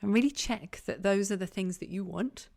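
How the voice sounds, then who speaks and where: A woman leadership coach guiding an online group session, calm and encouraging, repeating her key questions. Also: medium pitch, normal speed, vocal fry. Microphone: online call.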